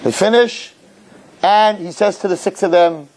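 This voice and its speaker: A rabbi giving a lecture, telling a funny story and acting out its characters before drawing a lesson. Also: male voice, sits high, measured pace, poor audio. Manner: animated storyteller, jokes, acts out characters. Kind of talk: humorous sermon lecture.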